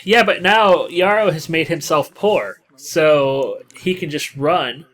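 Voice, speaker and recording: A man with a slightly high, bright voice co-commentates a card game match. His pitch moves a lot as he argues over the players' decisions in a casual, animated way. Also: takes it slowly. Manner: animated, second-guesses plays, exclaims at players.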